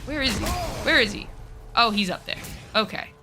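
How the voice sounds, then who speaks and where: Music plays behind a woman whose voice sits on the high side, animated and moderately paced. It's a casual live stream of her gaming, full of chatter, swearing at enemies and self-deprecating jokes.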